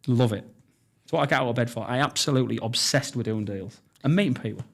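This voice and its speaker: A man's voice: medium pitch, fast, vocal fry. A man in his thirties with a North East English accent, a podcast guest telling his story bluntly and enthusiastically, swearing freely. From North East England. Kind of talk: casual storytelling interview.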